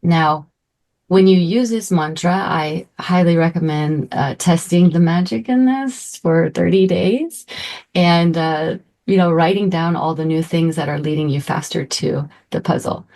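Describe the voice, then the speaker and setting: A middle-aged woman coaches a spiritual group in a slow, unhurried flow. Her voice sits low for a woman. She is effusive and emotional, and now and then drops into soft, breathy asides. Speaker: meditation and manifestation coach.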